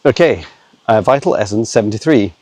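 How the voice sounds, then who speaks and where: Man, dark gravelly voice, dry close phone sound, halting casual vlog delivery. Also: fairly low pitch, expressive, no echo. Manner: halting, many fillers and restarts. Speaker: psychic channeler. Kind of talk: casual walking vlog, channeling answers. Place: woods outdoors, walking a dog. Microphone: handheld phone camera.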